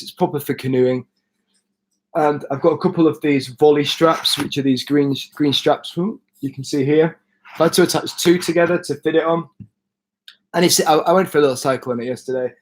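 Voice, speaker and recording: Man, casual live stream chat, outdoors, phone at arm's length, rambling and self-correcting. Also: mid-range voice. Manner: chatty, self-correcting, reads out viewer comments. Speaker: cycle touring vlogger. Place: outdoors, showing his bike.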